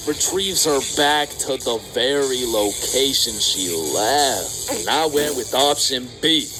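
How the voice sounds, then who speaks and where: A young man telling a comedic dating story in a punchy, slangy, animated way. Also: medium pitch, takes it slowly. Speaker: storytime vlogger. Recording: background music.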